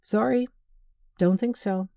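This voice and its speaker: A woman's voice: medium pitch, fairly even intonation, takes it slowly, creaky, mellow, no echo, studio quality, pitched above the performer's own voice. A woman voicing a sneering, scheming man. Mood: mocking. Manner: sneering, drawling. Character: scheming, contemptuous man, a cold official.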